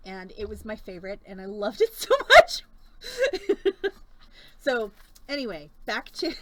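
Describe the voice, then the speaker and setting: A woman's voice: medium pitch, huge pitch swings, takes it slowly, long pauses, a bit bright, slight background noise, rough recording. Chatty woman selling beads on a live stream. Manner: chatty, rambling, laughs often. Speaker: live-stream bead seller.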